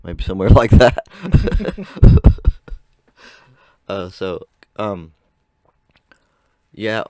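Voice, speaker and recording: A man's voice: lowish voice, sing-song, extremely slow, darkish tone, no echo. A young man whose voice still cracks, telling a rambling story to camera with frequent laughs. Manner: chatty, rambling, laughs often. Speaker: vlogger.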